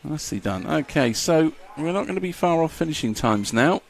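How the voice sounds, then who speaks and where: A man's voice: a little high, expressive, fairly quick, creaky, slight background noise. A man commentating a live model car race, chatty and jokey, reading out lap times.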